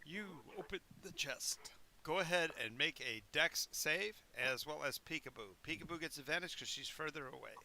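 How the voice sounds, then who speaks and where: A man's voice: fairly high pitch, normal speed, gravelly, sharp tone. A man narrating a tabletop game as game master, rambling into asides and stumbling over repeated words.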